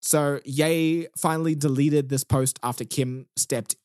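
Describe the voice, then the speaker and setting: A man's voice: fairly high pitch, steady tone, unhurried, darkish tone, smooth, no echo, clean studio sound. Easygoing man podcast host. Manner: easygoing, walks through news stories. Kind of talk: casual podcast chat.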